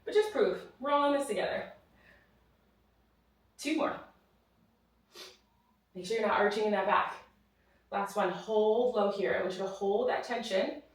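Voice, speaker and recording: Breathing hard, a woman of medium pitch cues a follow-along Pilates class at a measured pace, pausing often between encouraging instructions and counted reps. She teaches in a reformer studio, and the mic sits far away, leaving a spacious echo.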